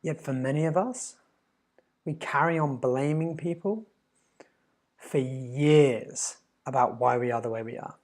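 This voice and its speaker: A man's voice: medium pitch, fairly even intonation, a little slow, long pauses, darkish tone. Emphatic man giving life advice. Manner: earnest, emphatic, with stammered restarts. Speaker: life coach. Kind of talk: motivational monologue.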